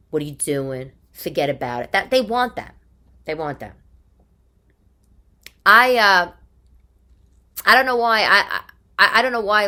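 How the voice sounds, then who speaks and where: Podcast host, 40s, thick New York accent; wisecracking, exasperated monologue with a slightly low voice. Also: female voice, pushed and bright. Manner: chatty, exasperated, wisecracking, repeats herself. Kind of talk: casual monologue. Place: living room.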